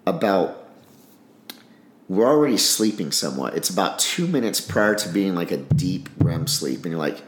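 A man's voice: sits low, lively intonation, normal speed, reverberant, faint music behind. A man speaking in a casual interview, blunt and frank, swearing and acting out bits of dialogue. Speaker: podcast guest, army special operations veteran.

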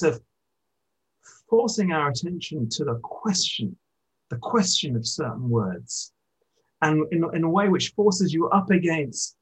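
A poet in conversation, speaking thoughtfully about poetry and pausing to restart his sentences. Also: fairly high pitch, slightly rough, low-quality recording. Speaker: poet, interviewee. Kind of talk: reflective literary conversation.

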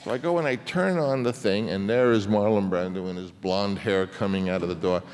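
A man in his seventies, a guest at a public conversation event, tells long, meandering anecdotes full of restarts and fillers. His voice is fairly low and a little mellow, his pace fairly quick, and the hall is reverberant.

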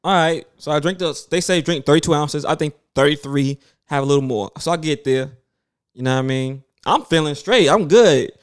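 A man in his thirties, pitched a little high, spins a story in loose conversation. He acts out everyone's lines in lively bursts and curses freely. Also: brisk, clear, resonant tone. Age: 30s. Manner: animated, acts out other people's lines, swears freely. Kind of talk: casual storytelling chat.

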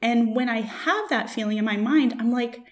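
A young adult woman, a podcast guest, telling a personal story in an emotional, halting way, with restarts and questions to herself. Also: fairly high pitch.

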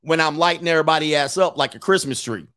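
A man's voice: on the high side, fast, pushed and bright, no echo, clean studio sound. A man hosting a live stream as a life coach, ranting bluntly and profanely, laughing between points, repeating phrases, and answering viewers' super chats. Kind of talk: casual livestream rant answering super chats.

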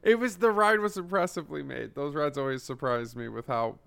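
A man's voice: a little high, a little fast, creaky, fairly bright tone, clean tone. A young man co-hosting a casual chat, telling stories with enthusiasm. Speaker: podcast co-host.

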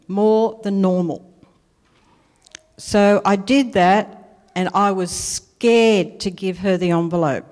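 A woman's voice: on the low side, a little mellow. Australian woman, testimony preacher, chatty anecdotal delivery, long hall reverb. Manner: chatty anecdotal storytelling, laughs at herself. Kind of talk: personal testimony sermon.

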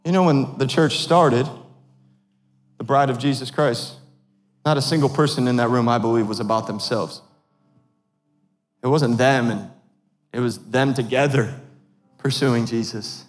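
A man in his thirties, a pastor preaching a sermon in a church, animated and self-deprecating, often laughing at himself. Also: mid-range voice, a little slow, pauses often, soft background music. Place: church sanctuary. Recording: long hall reverb.

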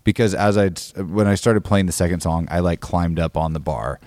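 A man's voice: sits low, normal speed, a little mellow, dry recording. A man, a guest musician, telling a story in a casual interview, rambling with many restarts and fillers.

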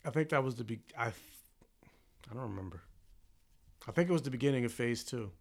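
A man's voice: mid-range voice, lively intonation, normal speed. A man chatting casually, rambling and restarting his sentences often. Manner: rambling, restarts, lots of fillers. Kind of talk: casual chat.

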